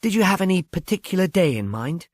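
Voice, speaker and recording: A man voicing a poised young woman who speaks briskly with dry amusement. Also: high-pitched, very animated, no room sound, pitched above the performer's own voice. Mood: warm, kind. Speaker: reader.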